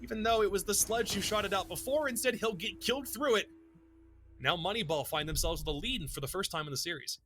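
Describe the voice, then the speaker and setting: A man giving live play-by-play commentary on an esports match, quick and joking between plays. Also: high-pitched, bright, forceful tone, slight background noise. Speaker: esports caster.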